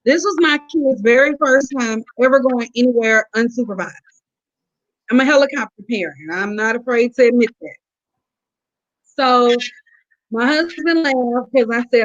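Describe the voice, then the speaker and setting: A woman's voice: on the high side, animated, moderate pace. A woman telling her story as a guest in a casual, indignant, emphatic way over a remote call. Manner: indignant, emphatic retelling with quoted dialogue. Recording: dull lo-fi call audio.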